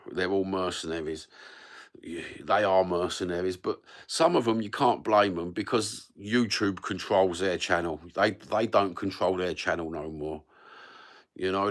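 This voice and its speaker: A Cockney man in his fifties with a fairly low voice talks straight into his phone on a live stream. He rambles and swears freely with easygoing, blokey banter. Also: a bit bright. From London. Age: 50s. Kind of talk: casual live-stream chat.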